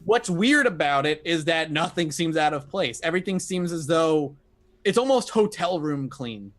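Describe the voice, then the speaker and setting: A man's voice: on the high side, expressive, normal speed. A man narrating as game master of a tabletop role-playing game, laid-back and chuckling.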